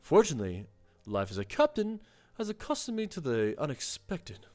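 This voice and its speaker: A man's voice: fairly high pitch, wildly swooping pitch, normal speed, a little mellow, voice pushed up. A man doing a swaggering sea captain. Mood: boastful. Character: boastful male sea captain, brash and protective.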